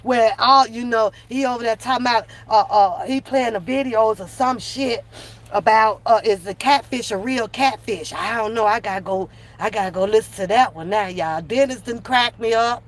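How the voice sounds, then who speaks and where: A woman's voice: a little high, moderate pace. A woman streamer giving casual reaction commentary in a profane, laughing, rambling rant.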